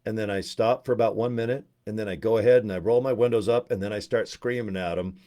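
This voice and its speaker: A man rambling and joking on a livestream, swearing freely and telling animated stories. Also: on the low side, quick pace. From Utah. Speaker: network marketing presenter.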